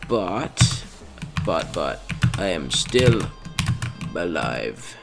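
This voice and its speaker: Young male let's-play host, gravelly, self-mocking and excitable, with loud game music behind. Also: on the low side, moderate pace. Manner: self-mocking, excitable, with sudden yelps and gasps. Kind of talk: gaming commentary.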